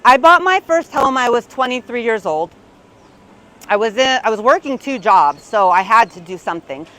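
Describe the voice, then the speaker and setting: A woman in her fifties, a real estate agent giving a motivational keynote story on stage, lively and peppered with "right?". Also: a little high, moderate pace, low-quality recording. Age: 50s. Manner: lively, tag questions like "right?". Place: conference stage.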